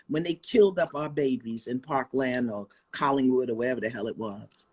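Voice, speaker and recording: An older woman, speaking with fiery, emphatic conviction on a live video call, swinging between loud outbursts and low asides. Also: moderate pace, breathy edge. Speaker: guest author and life coach. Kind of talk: impassioned preaching-style talk on a live video call. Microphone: phone on a live video call.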